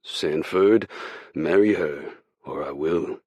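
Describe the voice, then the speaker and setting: A playful hockey player with a French-Canadian accent and an innocent, joking manner, as a male narrator puts him on. The voice is deep, husky and dry. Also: takes it slowly, darkish tone, dry recording, heavily acted.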